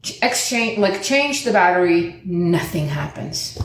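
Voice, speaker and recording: Animated woman telling a story, echoey room. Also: measured pace, slight background noise. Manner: animated, acts out quoted lines in higher pitch, swears often. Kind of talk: casual storytelling.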